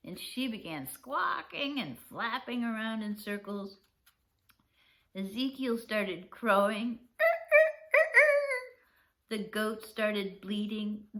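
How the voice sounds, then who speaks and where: Slow gentle grandmother reading aloud. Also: medium pitch. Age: older. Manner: gentle, unhurried, shows pictures. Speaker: storyteller. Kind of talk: reading a children's book aloud.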